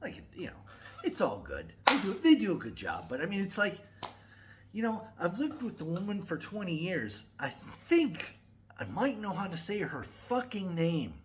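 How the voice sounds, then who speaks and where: A man's voice: sits high, huge pitch swings, normal speed, background noise. A middle-aged man ranting to camera on his own channel, profane and rambling. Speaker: metal music YouTuber. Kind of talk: casual to-camera vlog rant.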